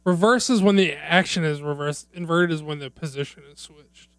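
A man co-hosting a podcast, chatting casually and joking in an animated way. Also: a little high, moderate pace, clean tone, no echo. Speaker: podcast co-host. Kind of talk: casual chat.

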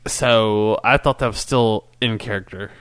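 A man's voice: fairly low pitch, steady tone, unhurried, fairly bright tone, smooth, no echo. A man in a casual chat as a podcast co-host, cynical and rambling, often restarting his sentences. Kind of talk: casual chat about wrestling.

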